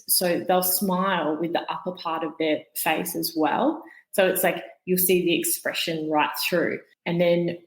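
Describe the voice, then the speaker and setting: A woman with a fairly low voice explains things calmly and patiently, like a guest expert in an interview. Her voice carries a noticeable room echo. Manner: calm, explanatory, demonstrates voices.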